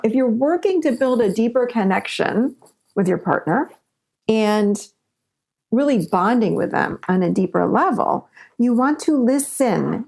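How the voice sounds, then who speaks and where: A woman's voice: a little high, darkish tone. A woman coaching listeners on relationships in an earnest teaching monologue, repeating points for emphasis and acting out sample dialogues.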